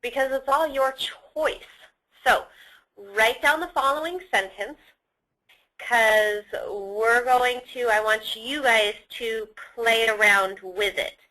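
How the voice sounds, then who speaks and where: Bright, unhurried woman sales trainer. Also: on the high side, rough recording. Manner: instructive, demonstrates emphasis on example sentences. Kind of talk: training lecture.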